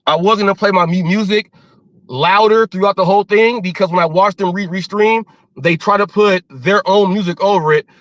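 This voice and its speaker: High-voiced man ranting on a livestream. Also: steady tone, a little fast, fairly bright tone, dry recording, muffled recording. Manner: defensive, repeats words and restarts often. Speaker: livestream host.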